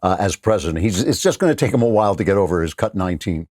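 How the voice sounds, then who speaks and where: A man's voice: low-pitched, expressive, very fast, darkish tone, no room sound, studio quality. A man in his sixties hosting a political commentary show, mocking his targets with frequent laughs and emphatic repetition. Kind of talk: opinionated commentary monologue.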